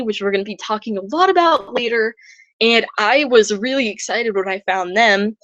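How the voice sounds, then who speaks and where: A woman's voice: medium pitch, fairly bright tone, no echo. Woman, casual rambling storyteller, filler-heavy delivery, dull and dry lo-fi sound.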